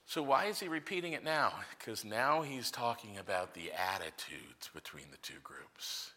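A man preaching a sermon in an animated, conversational way, with sudden bursts of loud emphasis. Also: fairly low pitch, normal speed. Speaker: pastor.

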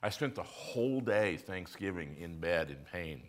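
A male pastor telling a personal story in a sermon, conversational, moving between loud emphasis and hushed moments. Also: sits low, animated, normal speed.

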